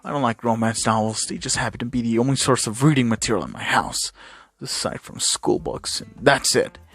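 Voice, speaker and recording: A man voicing a brash, hot-tempered teenage boy who talks in a gruff, dismissive way. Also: mid-range voice, fairly quick, a bit bright, voice pushed down.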